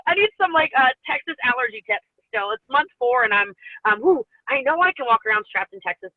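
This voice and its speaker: A woman's voice: medium pitch, dry recording. Chatty teary woman on a tinny line. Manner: chatty, rambling, laughs often. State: teary, sniffly from allergies. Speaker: network marketing team leader. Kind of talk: casual motivational talk.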